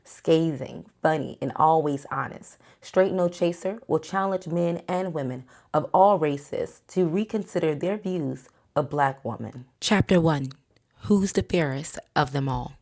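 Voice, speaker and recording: A woman reading a memoir aloud in a measured, even audiobook narration. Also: deep voice. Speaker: book reader.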